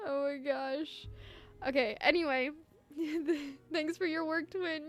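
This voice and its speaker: A woman's voice: high-pitched, fairly even intonation, slow pace, faint music behind. A young woman streaming a game live, bubbly and giggly, easily flustered. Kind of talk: live game playthrough, reading lines aloud.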